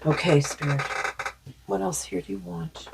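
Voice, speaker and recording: A woman's voice: fairly low pitch, unhurried, creaky, noisy background. A woman doing a spiritual tarot card reading in a rambling, musing way with many fillers, saying she is losing her voice.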